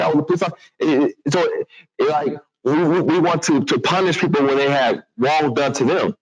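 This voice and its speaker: A man telling a personal story to an audience in a lively, animated way. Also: fairly high pitch, brisk, low-quality recording. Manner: animated, acts out other voices, restarts a lot.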